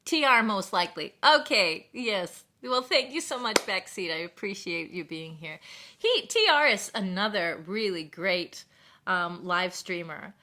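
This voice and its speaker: A woman's voice: medium pitch, lively intonation, unhurried, sharp tone, a little hiss or hum. A woman live streamer in casual, rambling chat with her viewers, often stopping to thank them.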